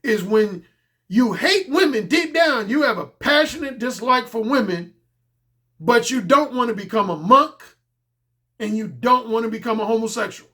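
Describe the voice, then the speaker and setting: A man's voice: very high-pitched, animated, moderate pace, sharp tone. A middle-aged man giving a blunt, emphatic solo commentary as a dating coach, repeating his points for stress.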